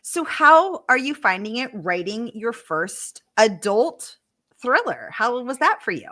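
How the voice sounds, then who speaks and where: Bright-voiced, enthusiastic woman host. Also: on the high side, very animated, unhurried. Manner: enthusiastic, reads viewer comments aloud. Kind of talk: livestream Q&A conversation.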